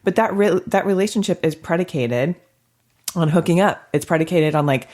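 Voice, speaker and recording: A woman's voice: on the low side, moderate pace, a little mellow. A woman hosting a podcast in a studio, a counselor who chats frankly and laughs often. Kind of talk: casual podcast chat.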